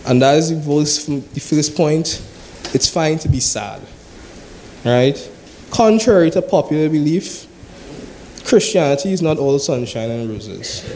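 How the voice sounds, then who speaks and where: A man's voice: fairly high pitch, expressive, a little slow, mellow, a little hiss or hum, rough recording. A man preaching a sermon. He reads scripture aloud, then explains it in a conversational way, often asking "right?".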